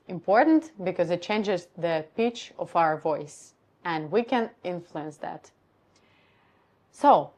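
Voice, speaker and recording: A woman voice coach with a lowish voice gives a live-streamed lesson on how the voice works. She explains calmly and step by step.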